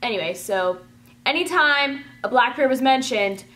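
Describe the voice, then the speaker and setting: A woman telling a rambling, chatty storytime, full of "like" and excited gushing. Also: sits high, moderate pace. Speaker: vlogger. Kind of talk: casual storytime.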